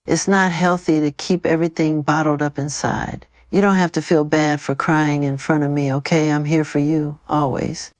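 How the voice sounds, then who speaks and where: A gentle, tender grown man, a famous singer comforting a tearful fan, as a low synthetic woman's voice puts him on. His words come soft and soothing in a very deep register, close and dry with no room around them. It is AI chat role-play. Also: level tone, normal speed, few pauses, no echo, close to an everyday voice. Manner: soft, soothing, affectionate speech. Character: gentle, tender adult male pop star comforting a fan.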